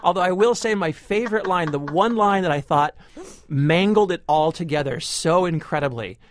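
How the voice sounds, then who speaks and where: A man's voice: high-pitched, moderate pace. A man co-hosting a film review show, joking and laughing between restarts as he picks apart a movie. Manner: animated, laughing, deadpan jokes with many restarts. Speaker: podcast co-host, film critic. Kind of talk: casual movie review banter.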